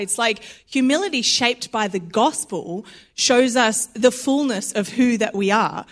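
A woman's voice: fairly high pitch, lively intonation, slow pace. A young Australian woman giving a sermon in a chatty, conversational way, acting out little quoted voices and laughing easily. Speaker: preacher.

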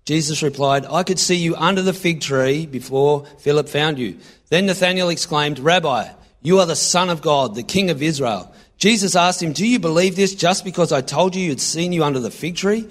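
A man preaching a sermon, reading scripture aloud and acting out lines with sudden loud bursts. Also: on the high side, moderate pace. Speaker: pastor.

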